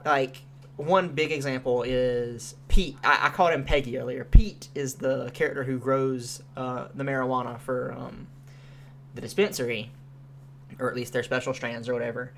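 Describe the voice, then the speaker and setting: Speaking at a moderate pace with a medium-pitched voice, this young man co-hosts a podcast over slight background noise. He's reviewing a show in a loose, animated chat, filler-heavy and full of casual swearing.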